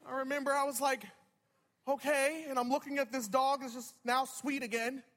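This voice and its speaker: A young man preaching a sermon, telling a story with animated energy that swings from loud to hushed. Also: very high-pitched, moderate pace.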